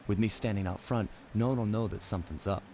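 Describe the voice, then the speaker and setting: A man voicing a low, easygoing undercover thief. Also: fairly even intonation, quick pace, darkish tone, slight background noise, lightly acted. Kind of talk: video game cutscene dialogue. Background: faint game music.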